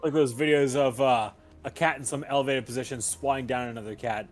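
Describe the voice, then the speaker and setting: A man plays a game with friends and chats casually along the way. He is laid-back and makes dry remarks. His voice sits at a middle pitch for a man. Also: fairly even intonation, fairly quick, faint music behind. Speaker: co-player. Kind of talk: casual chat while gaming.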